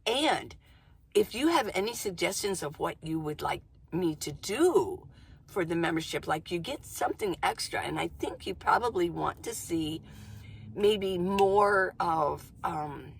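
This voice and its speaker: A woman vlogger talking casually to camera from inside her van, chatty and goofy, rambling fast and laughing often. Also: fairly low pitch, expressive, creaky, breathy edge. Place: inside a minivan.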